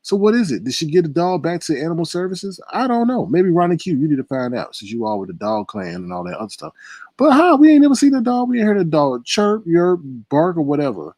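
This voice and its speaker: Male host, casual commentary, laughs often, very expressive pitch. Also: no echo. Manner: chatty, laughing, drawn-out exclamations.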